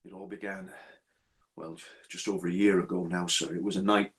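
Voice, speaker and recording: A man voicing a haunted, deferential railway signalman who talks haltingly and keeps calling his listener sir, in a live dramatic storytelling. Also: deep voice, level tone, voice pushed down. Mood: hushed, haunted.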